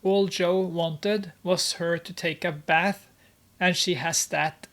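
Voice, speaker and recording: Slow, halting, amused movie recapper. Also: medium pitch, fairly even intonation, fairly bright tone. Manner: halting, with many filler pauses and frequent laughter; amused and mocking. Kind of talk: casual film recap and commentary.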